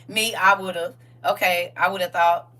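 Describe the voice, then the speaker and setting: Livestream host, woman, bright tone, animated and slangy with chat. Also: fairly low pitch, moderate pace, recorded from a distance. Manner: animated, laughing, talks back to chat with slang. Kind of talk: casual livestream chat reading viewer comments.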